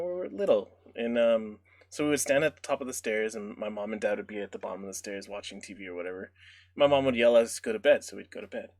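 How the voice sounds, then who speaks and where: A man's voice: mid-range voice, no echo, studio quality. A man co-hosting a casual podcast, telling ghost stories with lots of laughter. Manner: animated storytelling, laughs often. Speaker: podcast co-host.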